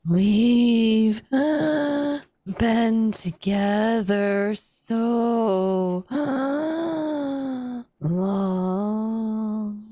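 A woman voicing a mournful shadow spirit, with a long, raspy, windy voice that draws out its words and sounds close to tears. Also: on the high side, dark tone, no room sound, voice pushed up. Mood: tearful. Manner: drawn-out, pleading, tearful.

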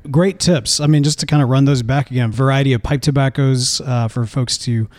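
A man co-hosting a podcast in casual chat, upbeat and animated. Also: mid-range voice, brisk, no echo. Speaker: podcast co-host.

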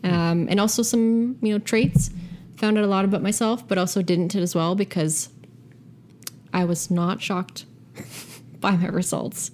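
A woman's voice: medium pitch, fairly even intonation, a little slow, pauses often, darkish tone. Chatty woman, laid-back banter. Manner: chatty, rambling, laughs easily, many fillers. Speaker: podcast co-host. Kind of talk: casual banter.

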